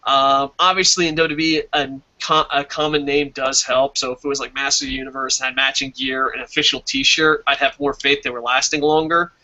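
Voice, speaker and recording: Guy hosting a wrestling review stream, bright punchy voice, cussing, reading chat, kinda muffled lo-fi sound. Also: medium pitch, flat delivery, fairly quick, hardly any pauses. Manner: casual, swearing, reads viewer comments, laughs at own jokes. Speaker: wrestling show host.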